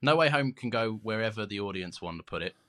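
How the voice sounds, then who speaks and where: Man, podcast co-host, casual chat, animated delivery, bright voice, laughs easily. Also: lowish voice, fast.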